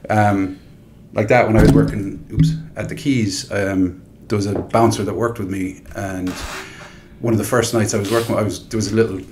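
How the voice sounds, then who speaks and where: A man's voice: lowish voice, level tone, fairly quick, a little mellow, a little hiss or hum. A man from Ireland with a Galway accent, a podcast guest telling laid-back stories and laughing often. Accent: Galway Irish. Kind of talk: casual chat.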